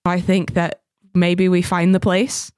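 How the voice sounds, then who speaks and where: A woman's voice: fairly low pitch, monotone, takes it slowly, darkish tone, smooth, dry recording, clean studio sound. A woman playing a tabletop game, chatty and laughing, who says "wee bit" and "me darling". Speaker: player.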